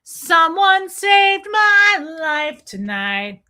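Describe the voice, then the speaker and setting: Woman doing a cheeky chipmunk, high drawn-out singing, bright and sharp. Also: very animated, exaggerated voice. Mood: taunting.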